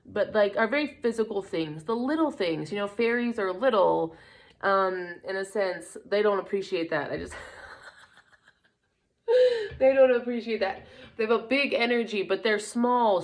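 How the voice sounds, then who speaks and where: A woman's voice: mid-range voice, animated, a little slow. A young woman reading tarot in a casual vlog, rambling and searching for words, with a runny nose. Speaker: tarot card reader. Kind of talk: casual spiritual vlog talk.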